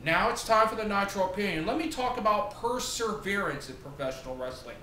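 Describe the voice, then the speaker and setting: A man hosting his own wrestling recap show, talking in an excitable, sarcastic way and acting out the wrestlers' lines. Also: high-pitched, a little fast. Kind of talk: animated solo recap and opinion. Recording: echoey room with faint noise.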